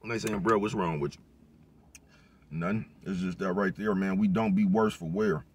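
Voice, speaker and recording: Dude talkin aave, chill and rambling, cussing a lot, kinda low voice, keeps checking you get him. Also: male voice, moderate pace, a little mellow, muffled recording, a little hiss or hum. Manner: laid-back, profane street talk, constant "you know what I'm talking about". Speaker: vlogger giving life advice. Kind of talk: casual motivational monologue.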